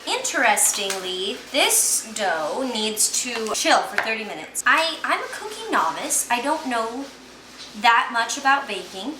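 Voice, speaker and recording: Brief: woman vlog host, chatty and rambling, higher voice, echoey kitchen with background noise. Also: sing-song, measured pace. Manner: chatty, thinking aloud with fillers. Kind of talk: casual kitchen vlog chat. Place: home kitchen.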